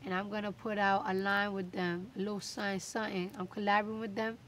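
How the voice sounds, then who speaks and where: A young woman with a New York accent, chatting as an interview guest, emphatic and animated, with quick bursts of slang. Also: medium pitch, slight background noise. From New York City. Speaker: interview guest, recording artist. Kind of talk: casual interview chat.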